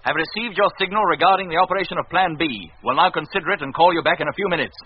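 Brisk fast-talking spaceship captain, 1950s radio drama, slightly raised pitch. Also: male voice, husky. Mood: firm. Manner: brisk, firm, clipped radio calls. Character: steady male spaceship captain, commanding. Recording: muffled 1950s radio broadcast.

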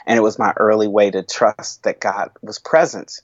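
A man who is a worship leader speaking in an interview, thoughtful and halting, with frequent restarts and soft laughs. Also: lowish voice, steady tone, no echo, dull audio. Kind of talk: reflective interview conversation.

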